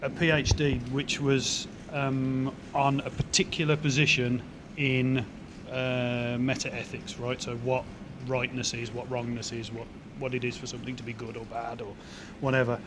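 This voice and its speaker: Male musician guest, dry wit, thoughtful restarts, handheld mic outdoors with clear traffic noise. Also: medium pitch, level tone, moderate pace, hardly any pauses. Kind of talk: casual interview chat. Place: outdoors in the cold. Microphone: handheld microphone.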